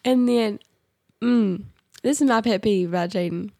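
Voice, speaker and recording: A woman's voice: mid-range voice, measured pace, vocal fry, warm tone, no echo, studio quality. A woman co-hosting a casual devotional podcast at home, chatty and playful, her voice congested from allergies. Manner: playful, chatty, Southern-tinged banter. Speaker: podcast co-host.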